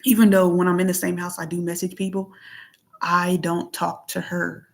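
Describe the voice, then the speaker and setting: Woman vlogger, low-ish voice, plainspoken and aggrieved, keeps clearing her throat. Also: little pitch movement, moderate pace. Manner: reads out text messages and comments on them; plainspoken, aggrieved, repeats herself. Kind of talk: casual venting monologue.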